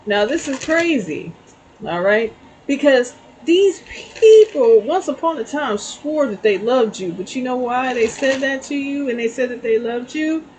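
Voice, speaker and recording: A woman's voice: high voice, expressive, unhurried, darkish tone, slight background noise, poor audio. A middle-aged woman giving a casual spiritual tarot reading, telling a story and checking in with "okay?". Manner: chatty, storytelling, frequent "okay?" asides. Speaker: tarot reader.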